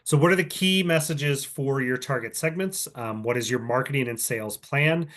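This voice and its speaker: A man organizing a business pitch competition, walking entrants through presentation slides in a casual, conversational way full of ums and restarts, recorded over a video call. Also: moderate pace, fairly bright tone. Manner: casual, filler-heavy, conversational explaining with frequent ums. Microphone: computer mic on a video call.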